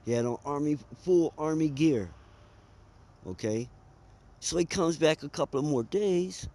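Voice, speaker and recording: A man's voice: a little high, expressive, normal speed, mellow. A man, telling a personal story in a conversational, emphatic way. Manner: conversational, emphatic, drawls and speeds up.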